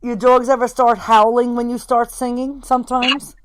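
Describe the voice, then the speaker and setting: A woman's voice: fairly high pitch, little pitch movement, moderate pace, clean tone, dry recording. A woman hosting a casual band interview, rambling along with lots of fillers like "like" and "you know.". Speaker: podcast host interviewing a band.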